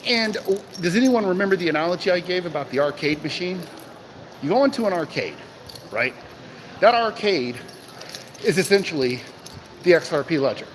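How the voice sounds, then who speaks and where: A man's voice: sits high, normal speed, pauses often, slight background noise. A man hosting a casual livestream, speaking into a phone he holds, asking viewers rhetorical questions and greeting them by name. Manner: animated, talks to chat viewers, asks rhetorical questions. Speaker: crypto livestream host. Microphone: phone in hand. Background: keys jangling.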